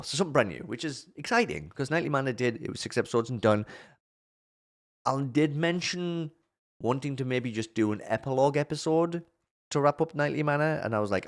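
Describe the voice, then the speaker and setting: A man's voice: medium pitch, expressive, fairly quick. A man hosting his own channel in casual chat, gushing and rambling with many restarts. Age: adult parent of a twelve-year-old. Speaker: object show reviewer and host.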